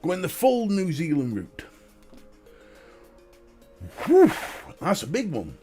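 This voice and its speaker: A man's voice: sits high, huge pitch swings, takes it slowly, mellow, faint music behind. A man with a Northern English accent hosting a casual live stream, chatting and greeting viewers and laughing often. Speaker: live-stream host and vape reviewer.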